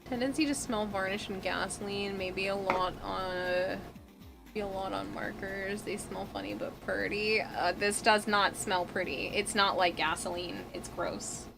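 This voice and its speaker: A woman's voice: medium pitch, steady tone, a little slow, gravelly, music in the background, poor audio. A woman with a Boston accent chatting casually on a livestream while crafting, rambling with lots of fillers and the odd swear. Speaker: streamer. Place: home room with an air conditioner.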